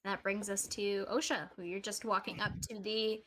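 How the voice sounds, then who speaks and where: A woman's voice: medium pitch, steady tone, moderate pace, fairly bright tone. A woman narrating a tabletop game as game master, casual with frequent fillers.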